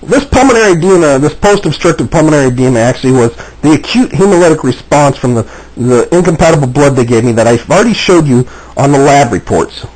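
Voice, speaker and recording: Husky, agitated man ranting. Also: fairly high pitch, animated, fast, darkish tone, poor audio. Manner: agitated, repetitive, frequent restarts. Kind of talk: agitated personal video monologue.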